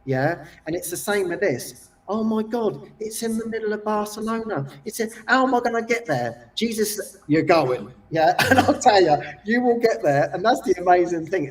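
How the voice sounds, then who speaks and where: A man telling a personal story in casual chat, animated and laughing often as he acts out quotes. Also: high-pitched. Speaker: guest. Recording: distant from the mic.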